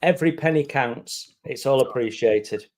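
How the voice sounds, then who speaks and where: A man's voice: mid-range voice, darkish tone. A man co-hosting a charity auction, calling out the bids and teasing the bidders in casual chat. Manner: joking, teasing, brisk. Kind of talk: casual live-stream chat.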